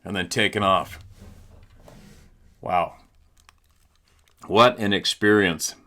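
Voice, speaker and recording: A man's voice: deep voice, slow pace, pushed and bright. A man hosting a show, telling stories at home in a loose, laid-back way, swearing freely and laughing often. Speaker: host. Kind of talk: casual chat. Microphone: laptop camera.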